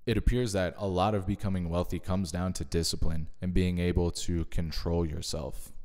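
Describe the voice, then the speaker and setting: Summarizing audiobooks for a video, this man stays thoughtful and measured, dropping in his own asides along the way. His low voice is steady and a little mellow, with a long reverb tail behind it.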